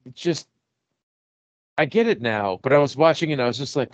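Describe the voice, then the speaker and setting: A man's voice: medium pitch, lively intonation, brisk, pauses often, dry recording. A man co-hosting a podcast, chiming in with short, wry reactions in casual chat. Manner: laid-back, short reactions and wry asides. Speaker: podcast co-host.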